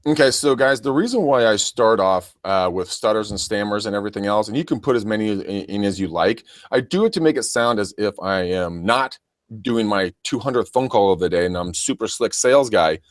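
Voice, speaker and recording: A man's voice: fairly low pitch, fairly quick, no room sound. A man coaching real estate agents in a casual podcast, chatty and full of restarts. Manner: chatty, stammering, addresses listeners as guys.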